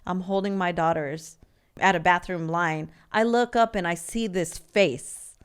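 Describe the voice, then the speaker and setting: Lady in her 40s from california, guest on a podcast, low smooth voice, open and earnest, restarts a lot. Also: unhurried. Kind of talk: candid personal storytelling.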